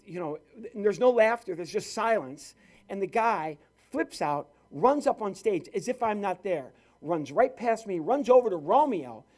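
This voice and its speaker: A male comedian and ventriloquist doing live stand-up with crowd work on stage at a corporate event, telling stories in a lively, playful way. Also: sits high.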